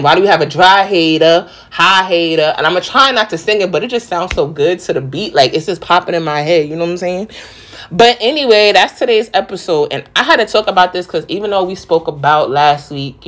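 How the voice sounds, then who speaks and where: Chatty young woman with a New York accent. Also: on the low side. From New York, the Bronx. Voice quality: thick city accent, slangy and rowdy. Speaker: podcast host. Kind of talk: casual solo podcast monologue.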